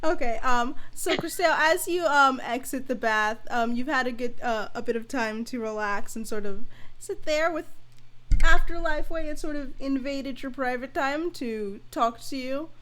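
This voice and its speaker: A woman narrating as game master of a tabletop role-play game, relaxed and searching for words with frequent ums. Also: high-pitched, moderate pace.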